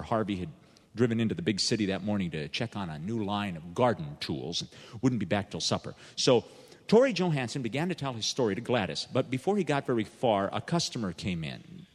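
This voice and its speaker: A man telling a humorous tale in a deadpan storytelling manner. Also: fairly low pitch, in a large hall.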